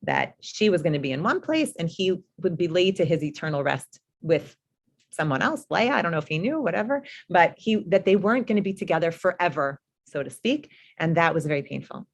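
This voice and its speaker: A woman with a fairly low voice teaching a Torah class to a group. She talks in a loose, conversational way, full of asides and small fillers as she works through a text. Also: sing-song, a little fast.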